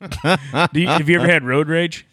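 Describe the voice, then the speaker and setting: A man's voice: on the high side, fairly even intonation, moderate pace, fairly bright tone, no room sound, clean studio sound. A man who works as a rodeo entertainer, joking and teasing on a casual podcast. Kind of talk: casual chat.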